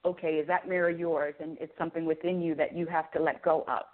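A woman guest in an interview, explaining spiritual ideas in an earnest, preaching way and telling stories with animated delivery. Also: deep voice, quick pace. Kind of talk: conversational interview. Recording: phone-like remote call audio.

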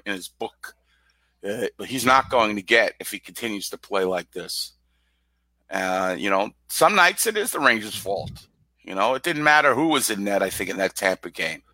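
A man's voice: lowish voice, expressive, moderate pace, sharp tone, dry recording. A man co-hosting a casual sports radio show, bluntly ranting about his team. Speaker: co-host. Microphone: studio microphone.

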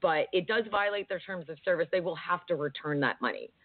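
Here a radio co-host with a lowish voice talks briskly, her casual chatter wandering and packed with fillers. The recording has no echo and a thin, phone-like dryness.

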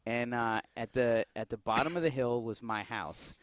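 A man telling a story in a loose, casual chat, animated and quick to laugh. His voice sits at an ordinary middle pitch. He is recording inside a gym. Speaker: podcast co-host. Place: gym, inside a fighting cage.

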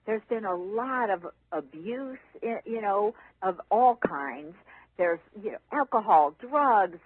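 A woman guest, an author and teacher, telling stories in a casual interview, animated and laughing often. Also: mid-range voice, takes it slowly, no room sound. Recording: phone-line audio.

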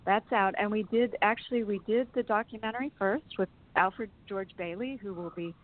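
This interview guest shares lengthy personal stories by phone, talking chattily and laughing a lot. She has a mid-range voice and speaks at a normal speed, with phone-line sound quality.

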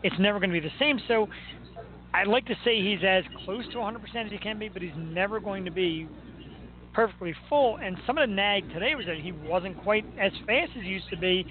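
A man's voice: sits high, fairly quick. A man hosting a talk show, chatting enthusiastically about local sports. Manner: chatty, enthusiastic fan banter. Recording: tinny phone-like sound with faint noise.

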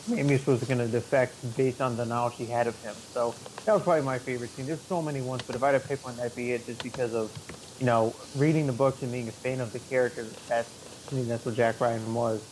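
A man's voice: mid-range voice, steady tone, fast, a little mellow, slight background noise, poor audio. A man co-hosting a podcast, talking casually about a movie in a rambling way, with many fillers and restarts. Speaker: podcast co-host. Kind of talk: casual movie review chat.

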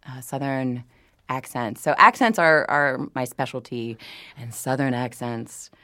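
A woman from New Orleans speaks as a voice actor guest on a casual podcast. Her voice is low and the sound is dry, and she tells her stories eagerly, often restarting her sentences. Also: measured pace, fairly bright tone, dry recording.

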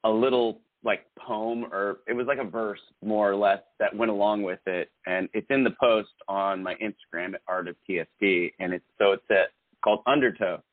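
A man co-hosting a podcast in casual chat, reflective and halting, with many fillers. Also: fairly low pitch, steady tone, dry recording. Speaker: podcast co-host. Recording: tinny phone-like sound, dry.

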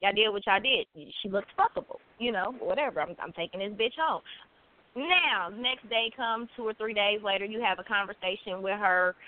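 A woman's voice: mid-range voice, normal speed. A woman directly challenging the men in casual podcast chat. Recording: tinny phone-like line.

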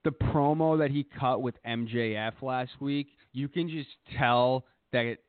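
A podcast co-host speaks at a measured pace in a clean, medium-pitched voice, recorded dry with a tinny, phone-like sound. He tells rambling stories in casual conversation packed with profanity.

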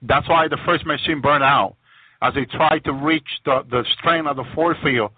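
A man's voice: a little high, moderate pace, dry recording. A man giving a fervent religious testimony of his visions, often repeating words as he restarts. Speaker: guest sharing visions on a religious program. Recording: tinny phone-line audio, dry.

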